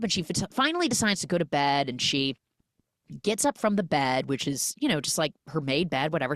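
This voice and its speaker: A woman podcast host casually recapping a film, retelling it in an animated way with lots of "like" fillers. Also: low voice, no echo, clean studio sound.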